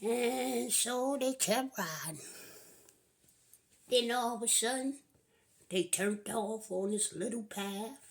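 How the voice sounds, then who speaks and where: A woman's voice: a little high, takes it slowly, long pauses. A woman telling a comic story in a drawling, folksy way. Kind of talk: comedic storytelling.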